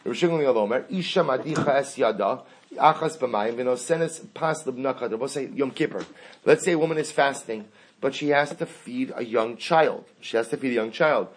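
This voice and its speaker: A man teaching a Talmud lesson, reading the text aloud and then explaining it step by step in English. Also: medium pitch.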